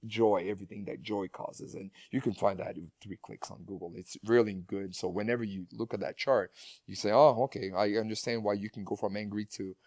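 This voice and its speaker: A man's voice: lowish voice, fairly even intonation, fairly quick, darkish tone, no room sound, studio quality. A man talking casually as a guest speaker in an interview, speaking with frequent restarts and repeated words. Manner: rambling, many restarts and repeated words, laughs often.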